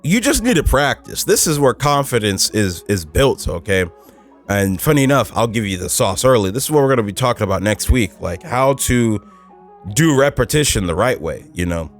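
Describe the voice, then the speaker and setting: A man's voice: medium pitch, big pitch swings, moderate pace. Podcast host, male, mid-range voice, loose, emphatic delivery full of fillers, faint music in the background. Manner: casual and emphatic, many fillers, rising for stress. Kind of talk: motivational podcast monologue.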